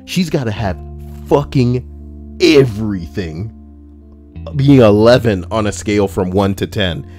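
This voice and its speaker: Deep-voiced man with lively, crude banter. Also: unhurried, long pauses, faint music behind. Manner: rambling, crude and sarcastic asides. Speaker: streamer reading online posts. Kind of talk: casual live-stream commentary.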